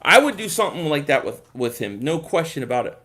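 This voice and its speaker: High-voiced man hosting a sports live stream. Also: very animated, fast, a bit bright. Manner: casual, thinks aloud, repeats words. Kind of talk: live-stream chat reading viewer comments.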